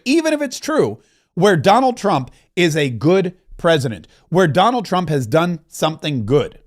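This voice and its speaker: Talk host, man, high voice, fired-up opinion monologue. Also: sing-song, normal speed. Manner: impassioned, repetitive, builds to emphatic peaks. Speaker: political talk show host. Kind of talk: opinionated political commentary.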